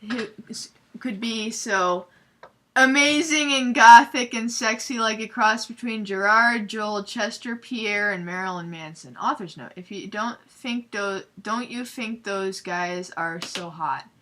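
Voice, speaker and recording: A young woman hosting a comedic fanfiction readthrough, reading aloud with sarcastic, giggly, deadpan asides. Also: mid-range voice, measured pace, slight background noise.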